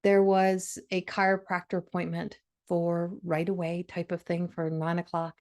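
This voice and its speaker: A woman's voice: lowish voice, little pitch movement, normal speed, darkish tone. A middle-aged woman hosting a podcast, telling a personal story in an emotional, conversational way with frequent restarts. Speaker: podcast host.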